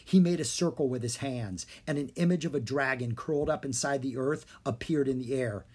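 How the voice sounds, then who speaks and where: A narrator reading a children's storybook aloud. The delivery is clear and expressive, with a medium-pitched voice. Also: a little fast. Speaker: audiobook narrator.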